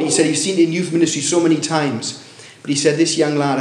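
A man preaching a sermon, telling a story with many restarts and rising excitement at its loud moments. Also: fairly high pitch, echoey room, a little hiss or hum. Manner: halting, many restarts, rises when telling of shouting.

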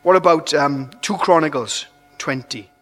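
A man preaching a sermon in an animated, conversational way, restarting phrases, with long hall reverb. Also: fairly high pitch, measured pace, noisy background.

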